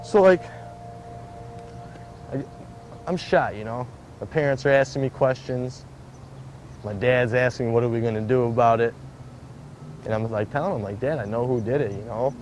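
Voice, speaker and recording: A man's voice: medium pitch, moderate pace, pauses often, darkish tone, slight background noise. A man in a casual interview, telling his own story in a rambling way, full of fillers and acted-out quotes. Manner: rambling, filler-heavy, acts out quoted voices. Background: background music.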